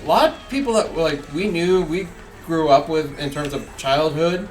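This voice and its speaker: Ranting gaming host, a bit off-mic. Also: male voice, a little high, normal speed, recorded from a distance. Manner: emphatic, ranting, jokey. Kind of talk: casual gameplay commentary. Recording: off-mic with faint game music.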